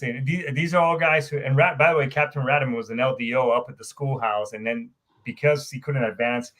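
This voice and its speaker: A man of middle pitch tells war stories in a loose, animated way. He swears freely and leans on fillers like "you know" and "I'm like". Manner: animated, profane storytelling, with many fillers. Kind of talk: casual conversation.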